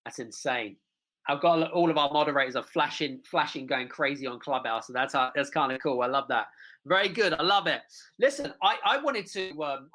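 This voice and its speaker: A man hosting an interview, enthusiastic and quick to agree with his guest. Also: fairly high pitch, pushed and bright, rough recording. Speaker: podcast host. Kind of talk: interview chat.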